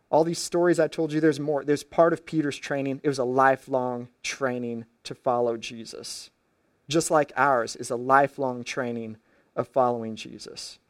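A man's voice: medium pitch, no room sound, studio quality. A man preaching a sermon as pastor, retelling stories in casual everyday phrasing with frequent restarts.

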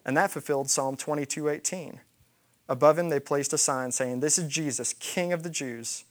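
A man's voice: a little high, moderate pace. A man preaching a sermon, retelling a scripture story and acting out the quoted lines. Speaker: pastor.

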